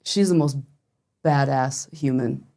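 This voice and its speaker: A woman's voice: a bass voice, takes it slowly. A young woman, a guest artist in a casual podcast chat, telling stories and acting out the voices she quotes. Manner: animated storyteller, acts out quoted voices.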